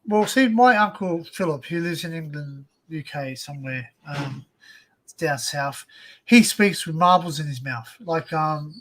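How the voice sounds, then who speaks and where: An Australian man with a high voice hosting a casual live stream chat, rambling and restarting his sentences often. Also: a bit bright, a little hiss or hum, rough recording. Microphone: desktop USB mic.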